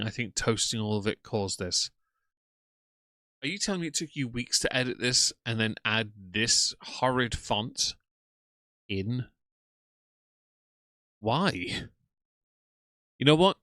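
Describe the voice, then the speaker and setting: A young man reacting to videos on a live stream, chatty and sarcastic, reading out chat names. His voice is bright and forceful, recorded close and dry with no room sound. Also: mid-range voice, animated, measured pace, long pauses, no room sound. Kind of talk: casual live-stream commentary.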